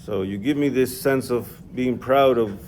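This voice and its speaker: A man's voice: medium pitch, normal speed, a little mellow, a little hiss or hum. A man teaching an informal religious class, explaining step by step and checking in with his student.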